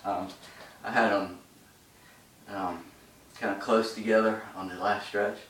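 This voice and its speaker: A man's voice: on the low side, level tone, unhurried, fairly bright tone, reverberant, distant mic, a little hiss or hum, poor audio. A man explaining a stretching routine while doing it, talking in short bursts between holds and breathing hard from the effort. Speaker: stretching instructor. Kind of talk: instructional demonstration.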